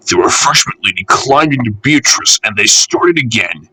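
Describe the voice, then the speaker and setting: A man reading a children's railway storybook aloud in an expressive, measured way. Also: mid-range voice, breathy edge, no echo.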